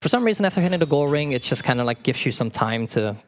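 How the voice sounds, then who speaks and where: A man's voice: medium pitch, expressive, fast. A man casually explaining his game as he plays it live, laughing often and tripping over words. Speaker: speedrunner. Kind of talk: live speedrun commentary. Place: marathon event stage. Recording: faint game music behind. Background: faint game music.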